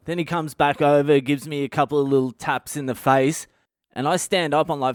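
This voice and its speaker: An Australian man in his thirties, a comedian telling wild personal stories in a profane, animated way. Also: fairly high pitch, moderate pace, clean tone, no echo, clean studio sound. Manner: profane, animated, breaks into laughter. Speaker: comedian podcast host. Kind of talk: comic personal storytelling.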